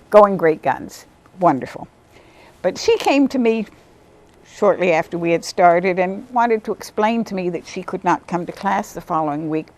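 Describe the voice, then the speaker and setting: A woman, a volunteer literacy tutor, telling stories about her students in a lively interview, sometimes acting out what they said. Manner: animated, acts out quotes in a higher voice. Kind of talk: storytelling interview.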